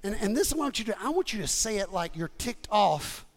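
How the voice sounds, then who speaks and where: A man preaching a sermon, leading the congregation in call and response and building to emphatic, shouted lines. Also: very animated, a little fast. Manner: emphatic preacher, swings from low asides to shouting. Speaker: pastor.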